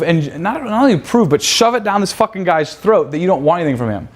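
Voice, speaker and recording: Brash swearing man teaching a seminar. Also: fairly high pitch. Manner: brash, swearing, rhetorical questions to the room. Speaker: seminar instructor. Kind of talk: profane live seminar talk. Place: seminar room with audience.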